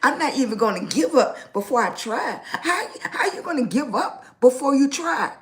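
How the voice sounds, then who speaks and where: A lifestyle blogger hosts a casual livestream, greeting viewers by name and speaking upbeat, motivational affirmations of encouragement. Her high-pitched voice swings widely in pitch at a moderate pace.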